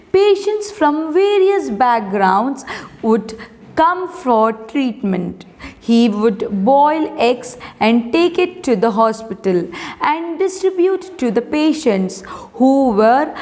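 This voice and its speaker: A woman teacher with an Indian English accent reads a textbook lesson aloud to children, slowly dictating words and repeating each one. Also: on the high side, darkish tone, in a large hall. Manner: slow, deliberate dictation, repeating each word.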